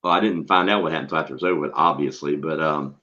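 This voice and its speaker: This is a blunt man with a low, deep voice who swears freely and tells stories with animated energy. He is a schoolteacher chatting on a casual show. The recording sounds dull and lo-fi. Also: very fast. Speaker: podcast host and school teacher. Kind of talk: casual profane chat.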